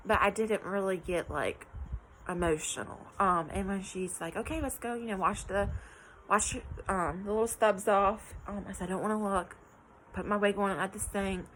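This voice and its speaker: Young woman vlogger from West Virginia, bright voice, chatty and candid, quotes people as she tells it. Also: mid-range voice, moderate pace, slight background noise, rough recording. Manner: chatty, many ums and likes, acts out quotes. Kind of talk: casual personal vlog.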